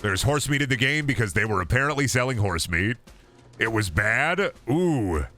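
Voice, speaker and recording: Casual game-stream commentary from a young man at a normal speaking speed, laced with free swearing. Surprises send his voice jumping into high, excited yelps.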